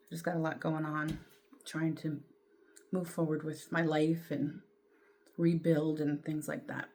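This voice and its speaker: A middle-aged woman, telling a personal story to camera in a candid, rambling way, with fillers and throat clearing. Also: sits low, a little mellow, slight background noise. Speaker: vlogger.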